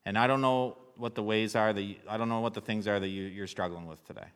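A man preaching a sermon as pastor, relaxed and conversational, joking with the congregation. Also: on the low side, fast, smooth, long reverb tail.

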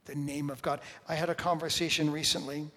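A man's voice: fairly high pitch, little pitch movement, fairly quick, bright, forceful tone. Preaching man in a reverberant hall. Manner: conversational preaching, builds to emphatic intensity. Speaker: pastor. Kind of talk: sermon.

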